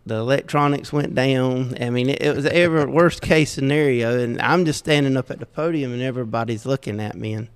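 A middle-aged podcast guest from Southeast Georgia tells folksy, self-deprecating stories in a Southern accent, chuckling often. His mid-range voice is clean and a little fast, with hardly any pauses, while the roomy recording carries a long reverb.

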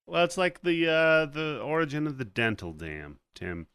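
A man's voice: fairly high pitch, sing-song, moderate pace, a bit bright, clear, resonant tone, no echo. A man hosting a casual podcast, recapping a movie with loose, profane chatter and acted-out lines. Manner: profane, laughing, acts out characters' lines. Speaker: podcast host.

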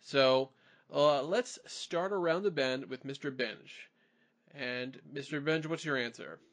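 Man, podcast host, casual chat, rambling, hedging, mid-pitched voice. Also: a little slow, a bit bright. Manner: rambling, hedging with "like" and "you know".

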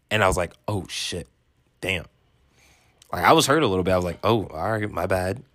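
Laid-back young man, low voice, dry. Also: a bit bright, no room sound. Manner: laid-back, rambling, lots of fillers. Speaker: vlogger. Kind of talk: casual storytelling.

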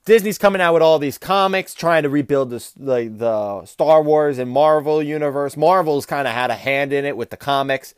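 A man hosting a comedy podcast, rambling and swearing his way through a review. His voice sits a bit high for a man. The recording is close and dry. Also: normal speed, hardly any pauses, clear, resonant tone, no room sound. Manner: profane, rambling, animated. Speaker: podcast host. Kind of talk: casual comedic review rant.

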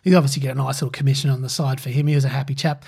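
A man's voice: mid-range voice, little pitch movement, racing, vocal fry, darkish tone, slightly rough. A man co-hosting a podcast, telling a rambling personal story full of fillers. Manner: rambling, with many fillers and laughs. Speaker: podcast co-host. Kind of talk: casual storytelling chat.

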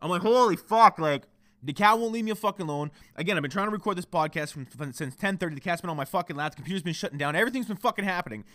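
A man's voice: on the high side, lively intonation, racing, fairly bright tone, dry recording. A young Canadian man hosting a solo podcast from home, ranting in a profane, heated and confessional way, cranky. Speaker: podcast host.

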